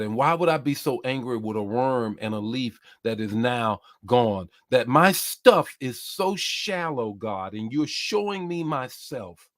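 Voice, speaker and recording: A bishop preaching a sermon with passion, repeating his key phrases and reading out comments from listeners. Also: mid-range voice. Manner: impassioned, repeats phrases, reads comments aloud.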